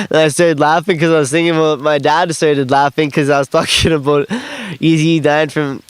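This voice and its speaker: A man's voice: fairly high pitch, fairly quick, smooth, no echo. Rambling, profane young man storyteller. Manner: rambling, profane, laughs often, acts out quotes and freestyles. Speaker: guest telling his life story. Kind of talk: casual storytelling interview. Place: outdoors on grass.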